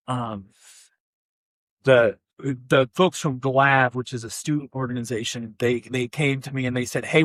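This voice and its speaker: Animated pastor telling stories, slightly high. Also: male voice, no room sound. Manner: animated storytelling, acting out both sides of conversations. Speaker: pastor giving a workshop talk. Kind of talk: conversational workshop talk. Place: conference room.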